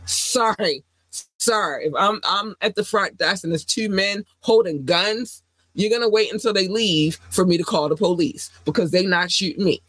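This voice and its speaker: A woman's voice: mid-range voice, moderate pace, fairly bright tone, dry recording. A woman hosting a casual podcast while sick with a sore throat and runny nose, talking emphatically and repeating phrases for effect. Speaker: podcast host.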